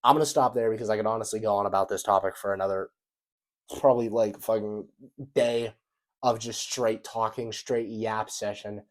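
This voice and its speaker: Young male vlogger, lowish voice, rambling, casual commentary. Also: steady tone, normal speed. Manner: rambling, repeats himself, swears casually.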